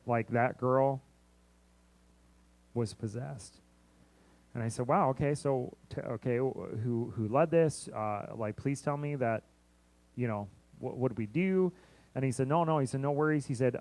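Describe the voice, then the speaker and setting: A man, a missionary preacher, telling a long story in a sermon, often repeating words and restarting, lively when he quotes others. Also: mid-range voice. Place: church sanctuary.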